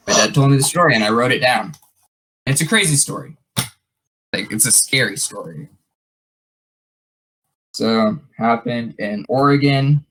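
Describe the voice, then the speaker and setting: A man's voice: medium pitch, a little slow, long pauses, fairly bright tone, rough recording. A man hosting a podcast, telling a story in a rambling casual way with many fillers and restarts. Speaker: podcast host.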